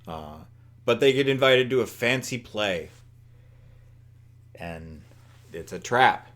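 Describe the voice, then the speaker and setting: A man's voice: mid-range voice, lively intonation, takes it slowly, a bit bright. A man co-hosting a podcast in casual chat, hesitant with ums and restarts and a dry sense of humor. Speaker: podcast co-host.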